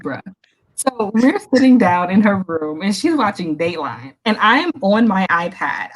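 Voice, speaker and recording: Husky young woman telling stories. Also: medium pitch, low-quality recording. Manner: storytelling, animated, laughs often. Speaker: podcast co-host. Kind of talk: casual chat.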